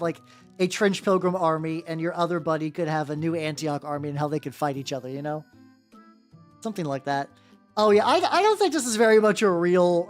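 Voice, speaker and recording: A woman streamer chatting casually while painting miniatures, rambling and swearing, with lots of fillers and restarts. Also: on the low side.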